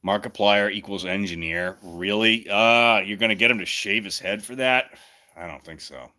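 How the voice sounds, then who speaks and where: A man's voice: fairly low pitch, normal speed, pushed and bright. A man casually chatting and joking on his own stream, thinking aloud as he goes. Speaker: streamer hosting a chat. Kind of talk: casual livestream chat.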